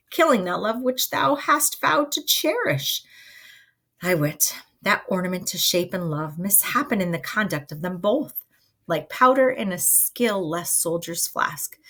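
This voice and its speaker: A woman's voice: lowish voice, a bit bright, heavily acted. A woman voicing a stern older male friar who lectures a young man in an exasperated, emphatic way, in a dramatic reading of a play.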